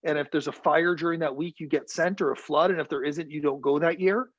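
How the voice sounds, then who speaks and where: A man from Canada, a TV news reporter, telling vivid firsthand stories as a guest and slipping into the voices of the people he quotes. His voice sits somewhat high. The sound is dull, dry and lo-fi, like a video call. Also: steady tone, fairly quick, no echo. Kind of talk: storytelling in a virtual talk.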